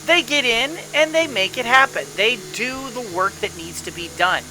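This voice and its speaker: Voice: medium pitch, expressive, normal speed, noisy background. A gameplay commentator giving a rambling motivational pep talk in casual let's-play style, with frequent restarts and repeated words.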